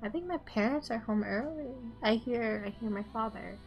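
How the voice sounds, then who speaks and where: A young woman giving casual, excitable gameplay commentary at home, swearing often and laughing a lot. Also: a little high, moderate pace, vocal fry, muffled recording. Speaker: game streamer. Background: faint game music.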